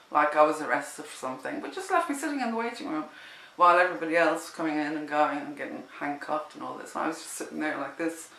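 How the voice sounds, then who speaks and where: A woman tells a personal story in a loose, rambling way, often breaking off and restarting her sentences. Her voice is bright and sharp-edged. The room around her echoes. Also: deep voice. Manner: animated, rambling, with many restarts. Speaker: vlogger telling a personal story. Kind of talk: casual spoken storytelling.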